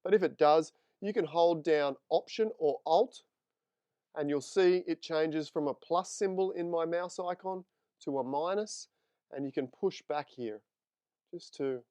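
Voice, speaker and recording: A man's voice: on the high side, a little slow, dark tone, clean tone, no echo. A man teaching photo editing in a live screen-share tutorial, chatting with viewers as he works. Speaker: photography instructor.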